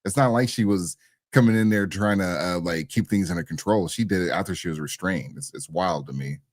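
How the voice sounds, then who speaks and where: A man's voice: deep voice, a little fast, no room sound, studio quality. A man co-hosting a podcast, talking bluntly and animatedly with loose slang. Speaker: podcast co-host. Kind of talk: casual podcast chat.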